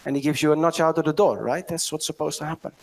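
A man's voice: on the high side, steady tone, quick pace. A middle-aged man with a Dutch accent giving a conference keynote, telling stories and often checking in with "right?". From Netherlands. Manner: storytelling, asks the audience "right?" often. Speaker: keynote speaker.

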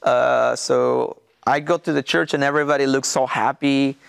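In an interview, a Mexican pastor shares his testimony in halting, non-native English with a Mexican Spanish accent, restarting often and using many fillers. His mid-range voice is steady, gravelly yet smooth, and the clean studio recording has no room sound.

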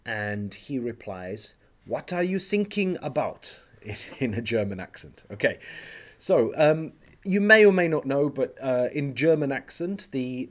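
A male teacher giving an online lecture, explaining step by step in a relaxed way and often pausing with "okay" and "um". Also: medium pitch.

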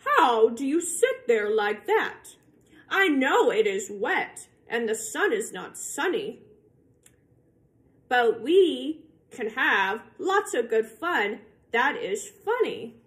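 A woman voicing a playful, showy male cat trickster in a storybook read-aloud, with a slow, sing-song, boastful delivery. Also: fairly high pitch, sing-song, fairly bright tone, heavily acted. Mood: coaxing.

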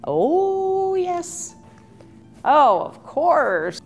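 A woman's voice: very high voice, sing-song, extremely slow, a little mellow, soft background music. A woman in an interview, explaining signs in a blunt, matter-of-fact way and swearing freely. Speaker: interviewee explaining sign language. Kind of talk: casual interview.

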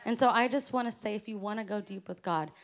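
A woman's voice: medium pitch, quick pace. A woman giving an earnest, encouraging personal testimony at a church women's gathering. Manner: earnest, encouraging, faith-filled declarations. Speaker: women's conference speaker. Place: church stage before a live audience.

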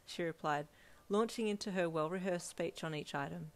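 Woman calmly reading second-person fanfic. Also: fairly low pitch, moderate pace. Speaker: fanfiction narrator.

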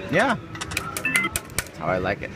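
A man's voice: low-pitched, wildly swooping pitch, unhurried, heavy background noise. A man playing a slot machine live in a casino, commentating with profane, joking rants. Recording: loud slot machine music behind. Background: loud slot machine music.

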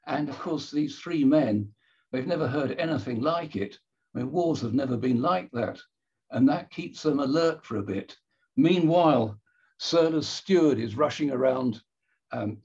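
A man giving an illustrated history talk with slides, measured and wry, pausing and correcting himself as he goes. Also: mid-range voice, darkish tone, slightly rough, muffled recording.

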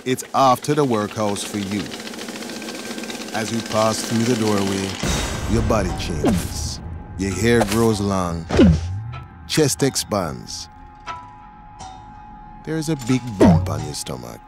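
Low, animated male narrator for a dramatic second-person story, music bed. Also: takes it slowly, long pauses.

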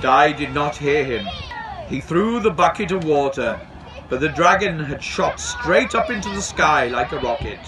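A man reading a children's story aloud to an audience at an outdoor event, in an expressive, lively way. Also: fairly high pitch, a little slow, a crowd in the background. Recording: distant mic outdoors.

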